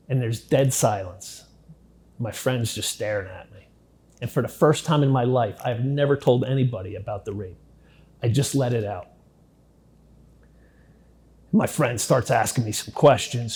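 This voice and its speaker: Middle-aged man, interview subject. Blunt, profane first-person storytelling at an average pitch, swinging between hushed and heated. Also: a little slow, pauses often, slightly rough. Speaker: interviewee recounting his past.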